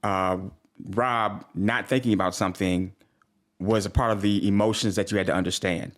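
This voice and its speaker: A man's voice: on the low side, fairly even intonation, normal speed. A man hosting a couples talk, asking probing follow-up questions and rephrasing them. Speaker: host. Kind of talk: casual chat.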